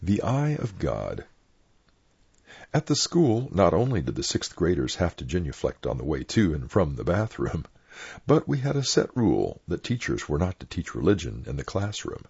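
An older man, a clergyman, reading his own personal anecdotes aloud in a plain, unhurried storytelling manner. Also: sits low, vocal fry, darkish tone, slightly rough, no room sound. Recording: dull lo-fi dry recording.

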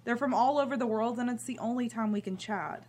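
An actress playing a bitter, cynical grown daughter who talks with sarcastic scorn. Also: female voice, a little high, fairly quick, darkish tone, natural voice. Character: bitter cynical adult daughter living at home. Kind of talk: drama scene.

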